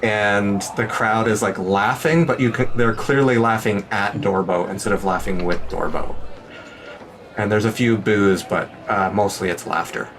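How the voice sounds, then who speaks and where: A man running a tabletop game as game master, narrating in a playful manner with frequent laughs and quick asides. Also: lowish voice, fairly bright tone, slight background noise.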